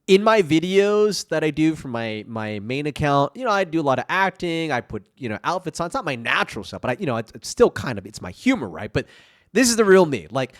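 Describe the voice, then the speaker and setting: Lively, animated man hosting a podcast. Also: medium pitch. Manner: animated storyteller, laughing helplessly, many restarts. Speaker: podcast host. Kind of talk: casual solo podcast storytelling.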